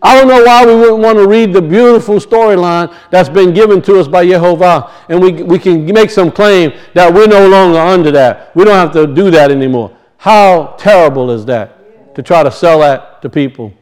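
A man's voice: high-pitched, normal speed, a little mellow, clear, resonant tone, low-quality recording. A man preaching a sermon, emphatic and repetitive, firing off rhetorical questions to his congregation.

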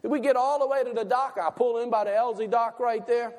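A man preaching a sermon, asking his listeners questions and slowing down to stress key words. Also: extremely high pitch, fairly even intonation, darkish tone, long reverb tail. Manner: asks the audience questions, slows for emphasis.

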